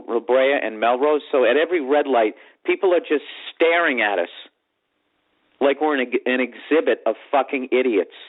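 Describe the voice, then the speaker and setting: A man with a Boston accent telling a comic story on his podcast in a profane, exasperated ranting manner. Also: fairly high pitch. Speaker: podcast host. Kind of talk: comedic storytelling monologue. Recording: tinny phone-like podcast audio.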